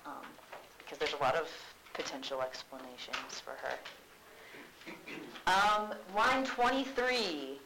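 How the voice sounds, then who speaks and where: A woman's voice: sits low, takes it slowly, pauses often, heavy background noise. A woman teaching a class, retelling the lines in casual modern speech. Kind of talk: classroom lesson. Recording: echoey classroom.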